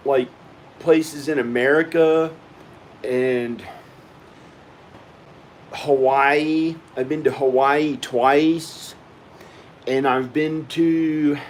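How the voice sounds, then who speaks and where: A man's voice: a little high, a little hiss or hum, poor audio. A man vlogging at home in a casual, rambling monologue, often repeating himself as he talks to the viewer. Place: at home indoors.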